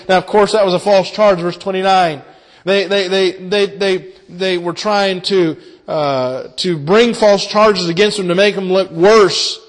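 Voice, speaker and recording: A man preaching a sermon in a dramatic manner, swinging between loud emphasis and hushed asides and repeating key phrases. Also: high-pitched, fairly even intonation, unhurried. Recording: long hall reverb.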